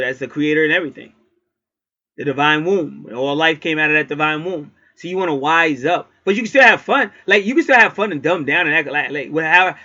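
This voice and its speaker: An astrologer and card reader, a man with a fairly high, sharp voice, gives a casual astrology reading in a blunt, preachy style and curses freely. The recording sounds dull and lo-fi.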